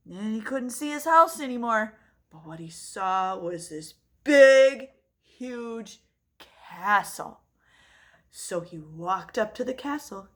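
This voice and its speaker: A woman telling a children's story, animated and prompting listeners to act along. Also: medium pitch, slow pace. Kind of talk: interactive storytime narration.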